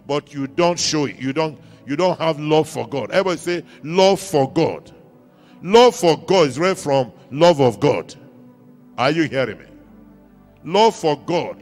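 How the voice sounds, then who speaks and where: A pastor with a Nigerian accent preaches in church, his voice slightly high with some vocal fry. He's emphatic, repeating key lines and urging the congregation to respond.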